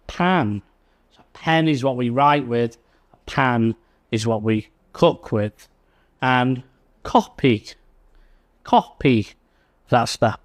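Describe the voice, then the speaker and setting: Slow, deliberate male pronunciation teacher. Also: medium pitch. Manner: speaks slowly, repeating example words with emphasis. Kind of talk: slow, careful pronunciation lesson.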